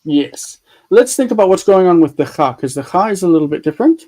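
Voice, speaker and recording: A man's high, dark voice, with lively intonation and a slightly fast pace, leads a live online grammar lesson over a video call despite poor audio. He chats and thinks aloud as he fiddles with his screen tools, explaining patiently step by step with examples repeated.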